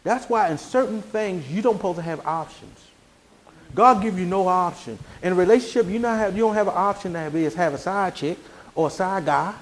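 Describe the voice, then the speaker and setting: Man, pastor, very high pitch, casual sermon, emphatic bursts. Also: brisk, slight background noise. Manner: conversational preaching, rising to emphatic.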